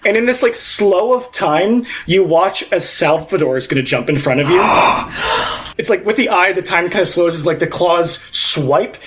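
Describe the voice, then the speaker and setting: A man's voice: sits high, expressive, moderate pace, hardly any pauses, a bit bright. A man narrating a tabletop game as game master, rambling with many fillers.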